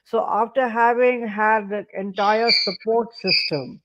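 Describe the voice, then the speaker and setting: A woman hosting an interview, summing up her guest's points in a measured way. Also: mid-range voice, fairly even intonation, a bit bright, highs cut off, slight background noise. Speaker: host.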